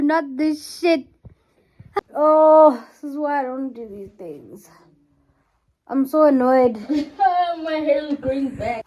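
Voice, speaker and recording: High-voiced South African woman vlogging. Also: takes it slowly, dark tone. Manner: chatty and dramatic, slangy, laughs often. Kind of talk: casual vlog talk to camera.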